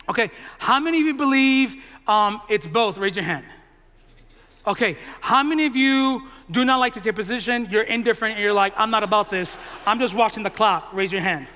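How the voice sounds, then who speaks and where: Animated male pastor in a reverberant hall. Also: high-pitched. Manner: animated, joking with the congregation, acts out both sides of a debate. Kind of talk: sermon. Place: large church hall with a big congregation.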